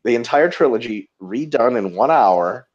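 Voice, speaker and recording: A man co-hosts a casual webinar, trading jokes and swearing freely as he spins animated stories. His voice sits at an ordinary middle pitch. The audio is dull and lo-fi. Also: normal speed. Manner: profane, joking, animated storytelling. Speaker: webinar co-host. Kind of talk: casual chat.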